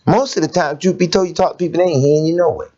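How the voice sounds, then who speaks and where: A man preaching a sermon in a lively, conversational way, asking rhetorical questions and laughing as he goes. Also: fairly high pitch, rapid-fire. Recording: dull lo-fi recording.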